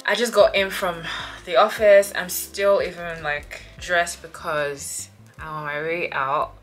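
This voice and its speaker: A woman's voice: on the low side, steady tone, takes it slowly, soft background music. A young woman vlogging casually to the camera, chatty and addressing viewers directly, often restarting and rephrasing as she talks into a handheld camera mic, first at home and later walking outdoors in a city. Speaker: lifestyle vlogger. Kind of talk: casual vlog talk to camera.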